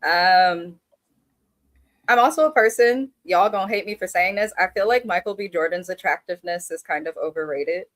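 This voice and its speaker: A woman's voice: fairly low pitch, normal speed, fairly bright tone, no room sound. A woman co-hosting a casual live-stream chat, speaking bluntly and candidly with frequent restarts. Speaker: co-host.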